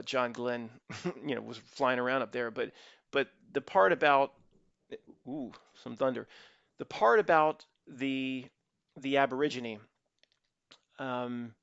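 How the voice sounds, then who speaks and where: A man's voice: medium pitch, normal speed, vocal fry, fairly bright tone, no room sound. A man hosting his own channel, talking in a rambling solo monologue full of restarts and asides to his viewers. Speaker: channel host. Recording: dull lo-fi dry recording.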